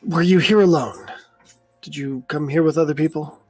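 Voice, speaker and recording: A man voicing a calm, guarded male doctor who speaks in a measured, hushed way in a tabletop game. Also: a little high, dry recording, faint music behind, lightly acted.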